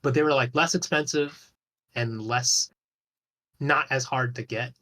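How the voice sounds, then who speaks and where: A man's voice: medium pitch, steady tone, a little slow, bright, forceful tone. A man talking as a guest on a podcast in a loose, rambling way, swearing casually and restarting his sentences often. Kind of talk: casual chat about an online game.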